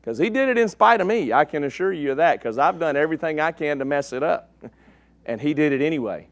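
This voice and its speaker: An East Texas preacher gives a sermon with a slide show, folksy and joking with the congregation and checking in with "okay?". His fairly high voice is animated and fast, with no room sound.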